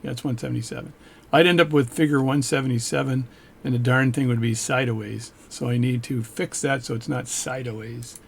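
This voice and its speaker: His voice is medium-pitched, steady, and creaky, and he talks briskly over a slight hiss or hum. He's a watch repairer rambling through a casual on-camera book review, tossing in jokes and cutting himself off.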